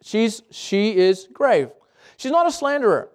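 A man preaching a sermon to a congregation, lively and conversational, with jokes, asides and quick self-corrections. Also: high voice. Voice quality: speaks around braces. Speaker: pastor.

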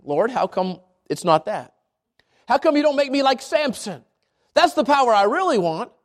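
A man preaching a sermon in an earnest way, often repeating and restarting his phrases. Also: very high voice. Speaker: pastor.

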